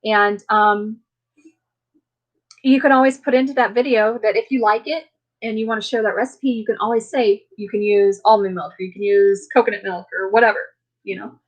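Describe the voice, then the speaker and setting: A woman's voice: mid-range voice, steady tone, normal speed. Woman, live-stream host, friendly and rambling, answering her viewers and chatting casually. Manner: rambling, chatty, many fillers; warm, friendly toward viewers.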